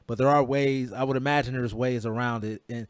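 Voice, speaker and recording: A man's voice: medium pitch, fairly even intonation, a little fast, no room sound. Joking, inquisitive podcast host man. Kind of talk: casual podcast chat.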